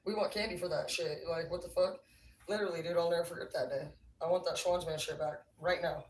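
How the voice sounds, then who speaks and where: A woman's voice: on the low side, steady tone, fast, a little hiss or hum. A woman livestreaming, telling rambling stories in a casual, profane, laughing way. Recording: roomy, distant mic, faint ambience.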